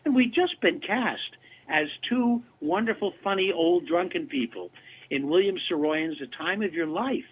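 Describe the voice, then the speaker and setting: A man in his seventies, a voice actor guest telling animated, chatty anecdotes in a casual interview over a remote call. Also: high-pitched, moderate pace, slightly rough. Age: 70s. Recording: tinny phone-like line.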